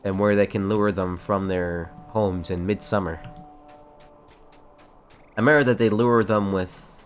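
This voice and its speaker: A man streaming a fantasy game late at night, chatting casually and playfully, rambling and talking to himself as he plays. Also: low voice.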